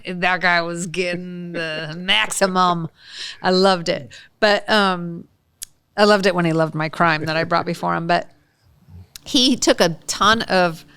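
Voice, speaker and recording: A woman hosting a podcast interview in a studio, chatting casually, bubbly and quick to laugh and gush. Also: fairly low pitch, fairly bright tone, smooth, no echo. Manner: bubbly, laughs often, gushing. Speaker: podcast host.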